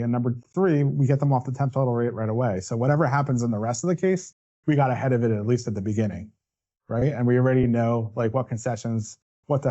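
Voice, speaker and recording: Man, defense attorney, webinar presentation, step-by-step explaining, mellow voice, muffled lo-fi audio. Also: medium pitch. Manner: explanatory, walks through steps with "right?" asides. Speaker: workers' compensation defense attorney.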